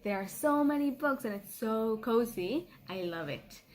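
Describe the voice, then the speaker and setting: Slow, playful woman teaching children. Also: fairly high pitch, lively intonation, a little mellow. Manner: slow, repeats words for pupils to copy; playful, laughs at herself. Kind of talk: children's language lesson.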